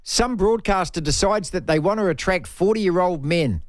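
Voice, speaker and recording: A man's voice: high-pitched, lively intonation, normal speed, no echo. Teasing middle-aged New Zealand man, dry studio. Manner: teasing, ribbing banter. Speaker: sports radio host. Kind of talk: casual sports chat.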